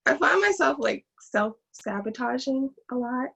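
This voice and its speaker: A woman's voice: high voice, lively intonation, a little slow, creaky, a bit bright, husky, low-quality recording. A woman on a group coaching call, talking hesitantly with many ums and a slight lisp from her braces.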